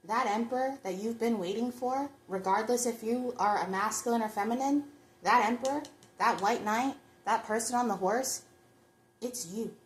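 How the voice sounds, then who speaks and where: A woman's voice: on the high side, normal speed, reverberant, slight background noise. A woman giving a chatty pick-a-card tarot reading, talking straight to her viewers. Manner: chatty, reflective, addresses viewers directly. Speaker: tarot reader.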